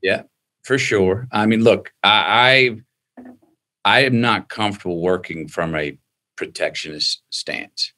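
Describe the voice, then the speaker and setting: He is a man with a lowish voice, talking with a bright, forceful edge. He speaks animatedly and with emphasis, slipping into the voices of people he quotes. This is a relaxed interview conversation. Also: takes it slowly. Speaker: guest.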